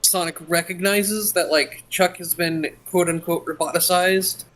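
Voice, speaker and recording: A man's voice: high-pitched, steady tone, measured pace, fairly bright tone, poor audio. A man co-hosting a casual podcast, musing in a puzzled way about story details. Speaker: podcast co-host.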